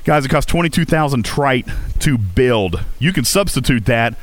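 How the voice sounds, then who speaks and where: A man from West Virginia with a faint Appalachian accent, hosting a casual gaming livestream, chatty and reading chat aloud. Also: moderate pace. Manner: chatty, reads chat aloud, lively jumps in pitch. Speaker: livestream host.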